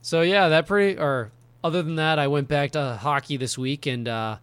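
A man's voice: on the high side, moderate pace, fairly bright tone, clear, resonant tone, no room sound. A man co-hosting a podcast in casual chat, rambling with lots of fillers and frequent laughs. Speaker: podcast co-host.

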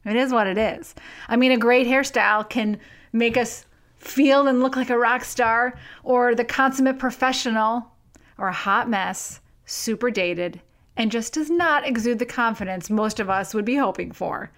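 A woman's voice: on the high side, moderate pace. A middle-aged woman hosting her own podcast, talking candidly and with self-deprecating humor, and reading a passage from her book. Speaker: podcast host.

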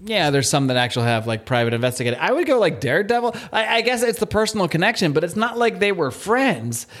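A man's voice: sits high, very animated, quick pace, fairly bright tone. A young man co-hosting a podcast, rambling and joking through a comic book recap. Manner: rambling, jokey, many fillers. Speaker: podcast co-host.

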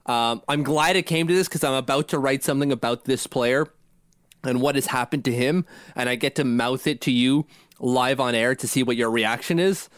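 A man's voice: mid-range voice, normal speed, no room sound, studio quality. A man co-hosting a casual sports podcast, rambling and poking fun at himself as he talks. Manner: rambling and self-deprecating, laughs at himself. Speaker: podcast co-host.

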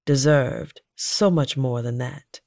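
A man narrating a memoir audiobook in a measured, earnest reading style. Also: medium pitch, creaky, darkish tone, no room sound, clean studio sound. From United States.

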